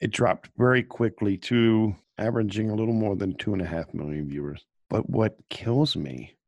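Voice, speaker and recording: Lowish voiced guy grumbling dryly about a tv show, dead dry audio. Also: normal speed, a little mellow, dry recording. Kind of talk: casual TV show discussion.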